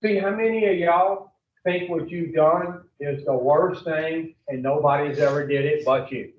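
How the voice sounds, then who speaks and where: A man's voice: fairly high pitch, measured pace, echoey room, recorded from a distance, narrow, tinny audio, slight background noise. A man giving a blunt, profane recovery talk to a group, telling his story and putting questions to the room. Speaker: recovery speaker.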